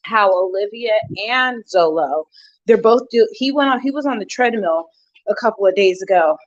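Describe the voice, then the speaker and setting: A woman's voice: medium pitch, animated, normal speed, no echo. A woman vlogger chatting casually on a live stream, greeting viewers and giving gossipy commentary on online drama, a bit winded. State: winded, out of breath. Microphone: phone. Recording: dull lo-fi, dry sound.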